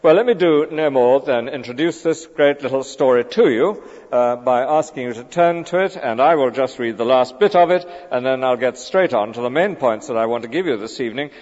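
A man's voice: mid-range voice, brisk, darkish tone. A man preaching a conversational sermon with hesitant fillers. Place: church. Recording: dull lo-fi church recording with long reverb.

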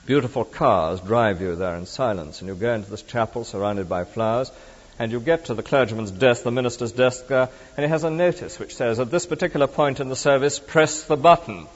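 A middle-aged man preaching a sermon in a conversational, animated way that swings between emphatic and hushed. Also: mid-range voice, fairly quick. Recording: dull reverberant hall recording.

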